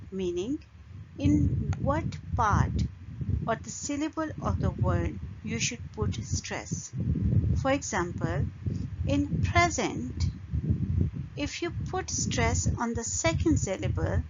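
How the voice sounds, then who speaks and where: Woman teaching pronunciation real slow, kinda high voice, muffled lo-fi audio with loud hiss. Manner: deliberate, pausing between phrases, modelling words slowly. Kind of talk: slow explanatory lesson. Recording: dull lo-fi recording with loud noise.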